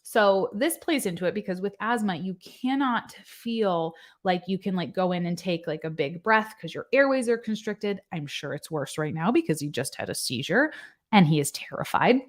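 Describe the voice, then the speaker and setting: A woman's voice: lowish voice, animated, normal speed. A woman nurse giving casual commentary, explaining medical points in plain, conversational terms. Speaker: nurse reacting to a news case.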